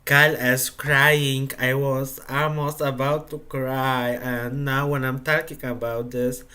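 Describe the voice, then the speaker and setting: A tearful man speaks slowly in halting. His voice is bright, and his words come in an emotional, faltering confessional. He sounds on the edge of crying throughout. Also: mid-range voice, little pitch movement. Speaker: game player.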